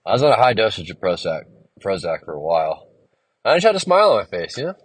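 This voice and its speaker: A man's voice: fairly low pitch, huge pitch swings, fast, husky, no room sound. A man hosting a solo podcast, rambling casually and venting with a lot of swearing. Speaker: podcast host and musician.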